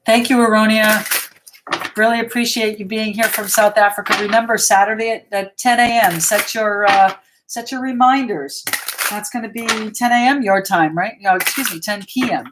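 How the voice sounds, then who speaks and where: A woman's voice: medium pitch, normal speed, noisy background. A woman hosting a live tarot reading, chatting with viewers and reassuring them as she thinks aloud between cards. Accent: American. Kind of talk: live-stream card reading, answering viewers.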